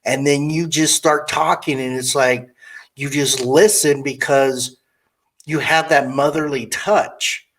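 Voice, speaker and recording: A man's voice: mid-range voice, steady tone, takes it slowly, a bit bright. A man hosting an interview, talking bluntly and rambling, often acting out quoted customers in different voices. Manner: blunt, candid opinions. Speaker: podcast host interviewing a car saleswoman. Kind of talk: casual interview chat.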